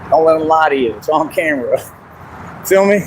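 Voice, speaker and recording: A man chatting casually and boastfully on an outdoor livestream, laughing often and going hoarse. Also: a little high, expressive, normal speed, a little hiss or hum, poor audio. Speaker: street performer in costume. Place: outdoors in a park.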